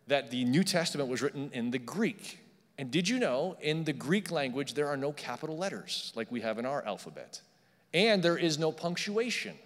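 A man preaching a sermon, teaching in a conversational and emphatic way and checking in with his listeners. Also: medium pitch. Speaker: pastor. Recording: long hall reverb.

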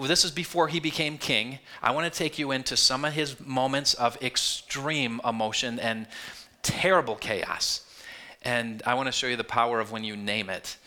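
A man preaching a sermon, telling a Bible story in an earnest, animated way and slipping into quoted voices. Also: medium pitch. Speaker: pastor.

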